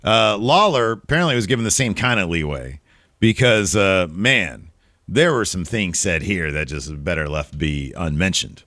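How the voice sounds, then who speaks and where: Deep-voiced guy on a podcast, jokey and animated, pitch swings all over, dry close mic. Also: moderate pace, dry recording. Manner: animated, jokey, jumps into higher pitch for emphasis. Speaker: podcast co-host. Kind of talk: casual wrestling review chat.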